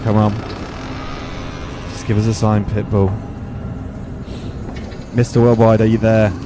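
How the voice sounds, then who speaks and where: A man putting on a mock seance medium, calling out in a slow, low, booming incantation. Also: flat delivery, noisy background, lightly acted. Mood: solemn summoning. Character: mock seance medium summoning a spirit, male adult.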